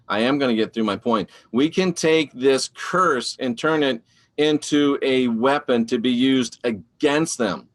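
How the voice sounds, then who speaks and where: A man hosting a live online show, talking in a rambling, animated and preachy way while answering viewer comments. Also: mid-range voice. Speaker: online show host reading live chat. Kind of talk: casual live-stream talk.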